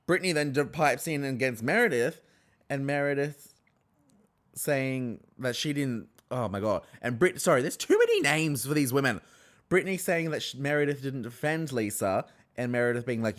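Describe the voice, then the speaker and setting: A man's voice: mid-range voice, sing-song, normal speed. Exasperated man recapping an episode. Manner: exasperated, swears freely, acts out reactions. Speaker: podcast host.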